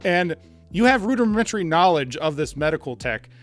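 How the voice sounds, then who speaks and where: A man's voice: on the high side, brisk, soft background music. Exasperated man reviewing a show. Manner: exasperated, sarcastic, animated. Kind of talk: casual review rant.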